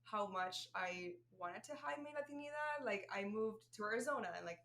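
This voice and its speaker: A woman from Puerto Rico sharing a personal story in casual podcast chat, lively and full of fillers. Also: medium pitch, fairly quick. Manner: animated storytelling with many fillers. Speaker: podcast co-host.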